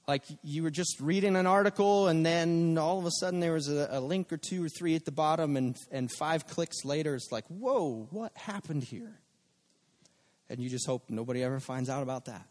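A man preaching a sermon in a relaxed, conversational way, often acting out quoted lines. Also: a little high, brisk, hardly any pauses, big-room sound. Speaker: pastor.

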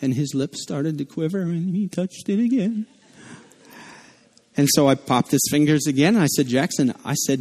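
A male pastor delivers a sermon in an earnest, conversational way, moving easily between scripture and personal stories. His voice sits a little higher than most men's. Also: expressive, moderate pace, a little mellow, slightly rough.

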